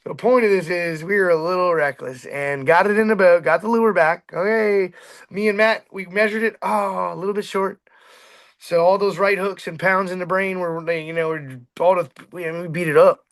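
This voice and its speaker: Speaking at normal speed, a middle-aged boat captain tells fishing stories casually in a bright, high-pitched voice. He animatedly voices all the parts, shouting out the quotes as he goes.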